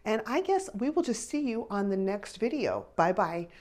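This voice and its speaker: A woman in her fifties, a grandmother, chatting casually to her viewers as a vlog host, rambling and warmly animated as she tells a family story. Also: medium pitch, normal speed. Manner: chatty, rambling, animated when telling stories. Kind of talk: casual chat to camera.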